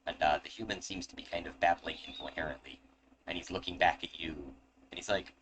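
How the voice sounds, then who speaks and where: A man's voice: low-pitched, fairly even intonation, a little fast, fairly bright tone. A man narrating and running a tabletop game as game master, casual and joking, with swearing asides. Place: home. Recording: noisy home recording.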